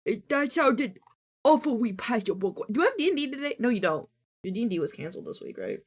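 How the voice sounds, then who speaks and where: A woman's voice: a little high, very animated, quick pace, husky. A woman streamer chatting casually while she works, goofy and playful, teasing and swearing freely. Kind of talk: casual live-stream chat while working.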